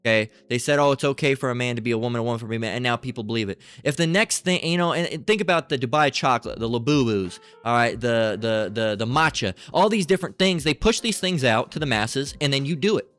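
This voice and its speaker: A middle-aged man rants crudely and profanely, rambling and reading passages aloud between asides. His voice sits in a plain middle pitch, with faint music behind him. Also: fast talker, hardly any pauses, a bit bright. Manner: crude, profane, rambling, frequent fillers and "right?". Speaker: channel host. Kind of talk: ranting commentary, reading aloud.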